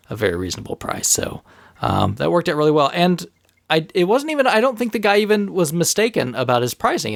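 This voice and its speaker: A man co-hosting a casual podcast, telling stories with lively bursts of rising pitch. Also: creaky, dry recording, clean studio sound. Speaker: podcast co-host.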